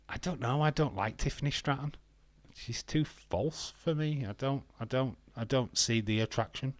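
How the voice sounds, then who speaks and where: British male streamer, chatty and jokey, mid pitch, dead-dry mic sound. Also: moderate pace, fairly bright tone, no echo. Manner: chatty, laughs often, sings and jokes to himself. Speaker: wrestling watch-along streamer. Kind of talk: casual live commentary, chatting with viewers.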